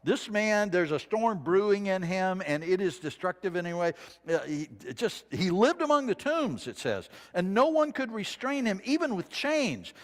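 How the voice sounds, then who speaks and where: Male preacher, fairly high voice, dramatic scripture reading, echoing sanctuary. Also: sing-song, moderate pace. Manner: dramatic scripture reading, dropping to a hush for quoted lines. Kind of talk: sermon. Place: church sanctuary. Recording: long reverb of a church sanctuary.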